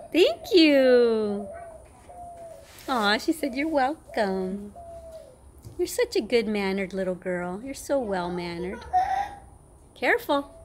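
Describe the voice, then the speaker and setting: Bubbly woman vlogger with a high voice, filmed on a handheld camera at home over faint background noise. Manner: bubbly, cheering, cooing to a baby. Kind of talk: casual vlog chat.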